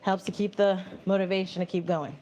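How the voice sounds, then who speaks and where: Female live-streamer, chatty and expressive, walking while talking, slight background noise. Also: mid-range voice, brisk. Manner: animated, laughing, reads viewer messages aloud and answers them. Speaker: livestream host reading chat. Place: home, indoors on a treadmill.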